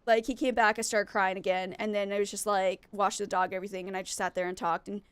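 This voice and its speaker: A young adult woman streams a game while chatting candidly with viewers, venting emotionally and often restarting her sentences. Her medium-pitched voice is flat, fast, a bit bright, and clean, with no echo.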